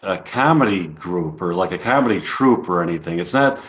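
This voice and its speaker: A man's voice: low-pitched, expressive, normal speed, fairly bright tone, roomy sound. A man doing a rambling improvised comedy monologue on a live stream, full of restarts and casual swearing.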